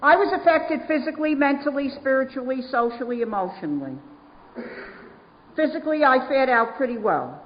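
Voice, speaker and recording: A woman's voice: high-pitched, animated, brisk, dull audio. New woman in a reverberant hall. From New York. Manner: storytelling, emphatic repetitions. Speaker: AA speaker. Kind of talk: recovery talk to a meeting. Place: meeting hall.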